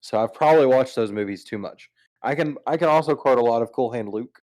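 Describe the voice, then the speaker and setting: A man's voice: mid-range voice, brisk, darkish tone. A man hosting a podcast in casual chat, rambling and teasing his co-hosts with many restarts. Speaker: podcast host.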